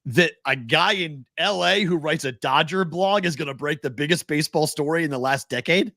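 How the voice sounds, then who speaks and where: Animated man talking sports betting. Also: on the high side, a little fast, no echo, clean studio sound. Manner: animated, laughs often, mimics whiny voices. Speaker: sports betting podcast co-host. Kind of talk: casual sports talk.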